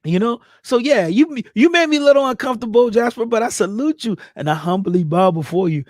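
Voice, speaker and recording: Man, high voice, dry close sound, hyped shout-outs, speech, casual livestream host. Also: lively intonation, fairly quick, no room sound. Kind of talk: casual livestream chat reading viewer comments.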